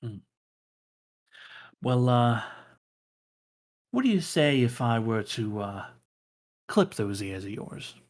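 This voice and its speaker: A man's voice: mid-range voice, sing-song, slow, long pauses. A man voicing a surly male thug who taunts and threatens. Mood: menacing. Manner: taunting, menacing.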